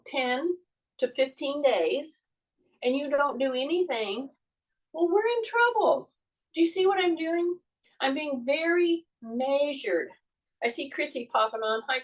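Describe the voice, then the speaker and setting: A woman fitness instructor leading a live-streamed workout in a small indoor space, talking viewers through each move in a measured, chatty way. She has a frog in her throat and keeps clearing it. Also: high-pitched, far from the mic, low-quality recording.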